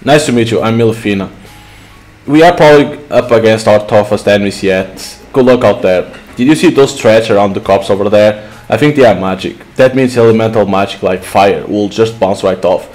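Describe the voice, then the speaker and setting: A man's voice: on the low side, a little fast, darkish tone, soft background music, lightly acted. A man reading the lines of a serious, scolding young woman. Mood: stern.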